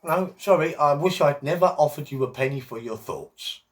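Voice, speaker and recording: A man's voice: a little high, lively intonation, moderate pace. A middle-aged man, talking in a chatty, rambling monologue full of jokey asides.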